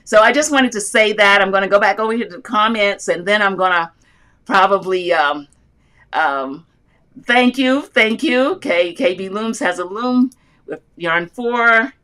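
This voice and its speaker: A woman's voice: mid-range voice, bright, forceful tone, clear, resonant tone. An older woman hosting a casual live chat about loom knitting, speaking in a heartfelt, rambling, inspirational way from an airport and reading viewer comments aloud. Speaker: livestream host answering loom knitting questions.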